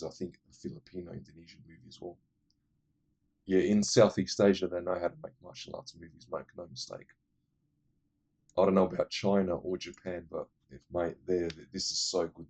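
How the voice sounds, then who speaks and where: Brief: a low, husky-voiced man chatting casually about his favourite films. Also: darkish tone. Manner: rambling, enthusiastic, many fillers. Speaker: movie reviewer. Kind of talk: casual movie recommendations.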